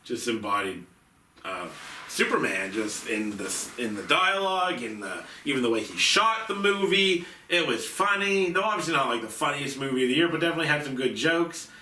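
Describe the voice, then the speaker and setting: A man's voice: mid-range voice, lively intonation, fairly quick, pushed and bright, slight background noise. A man co-hosting a movie podcast, chatting casually about films in a rambling way full of fillers. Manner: rambling, filler-heavy, restarts often. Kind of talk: casual film review chat. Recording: echoey room, mic at a distance.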